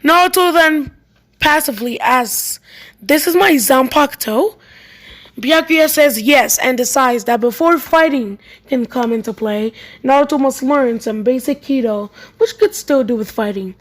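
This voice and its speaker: High-pitched lady reading out a fanfic story, kinda plain, trips over words and restarts. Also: moderate pace. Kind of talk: reading a fan story aloud.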